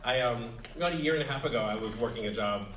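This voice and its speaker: A male host chatting casually on stage, halting, with many ums and restarts. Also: mid-range voice, fairly bright tone, slight background noise. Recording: echoey hall, distant mic, audience.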